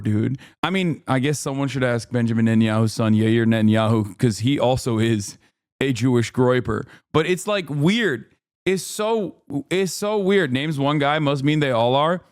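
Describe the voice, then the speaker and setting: A man's voice: fairly high pitch, no room sound. A man reacting on a livestream, ranting with profanity and sarcasm into a close mic. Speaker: streamer reacting to video.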